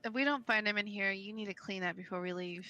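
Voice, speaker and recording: A woman's voice: medium pitch, fast, bright, forceful tone. A woman playing a tabletop game, speaking bluntly and dryly. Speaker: player. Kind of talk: casual tabletop play.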